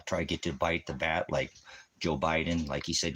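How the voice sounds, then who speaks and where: A man's voice: a bass voice, flat delivery, a little fast, fairly bright tone, a little hiss or hum. A man preaching on a livestream, ranting and mocking commenters in a combative, profane way.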